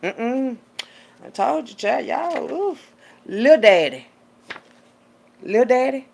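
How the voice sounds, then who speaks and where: A woman delivering a profane, preachy rant as a little sermon, swinging between hushed asides and loud outbursts. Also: sits high, very animated, slow, creaky, a little hiss or hum. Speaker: vlogger giving a street sermon.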